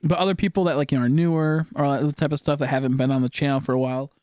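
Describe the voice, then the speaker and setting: A man's voice: fairly high pitch, fairly even intonation, rapid-fire, darkish tone, no echo, studio quality. A young man chatting casually while streaming a game, rambling with mumbled asides and lots of fillers. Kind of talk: casual live-stream chat while gaming.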